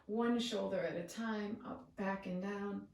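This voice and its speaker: A woman yoga teacher leading a guided breathing meditation with slow, soothing cues. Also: medium pitch, steady tone, vocal fry, darkish tone, distant mic. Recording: echoey room, away from the mic.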